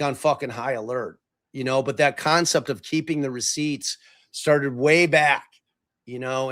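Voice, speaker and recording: A man hosting a podcast in casual chat, rambling with lots of swearing, fillers and restarts. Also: a little high. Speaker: podcast host.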